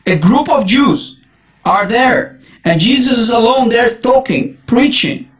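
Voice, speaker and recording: A man's voice: very high voice, a little slow, fairly bright tone. A man preaching emphatic Bible commentary, repeating his exclamations and calling his listeners guys. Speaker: Christian preacher.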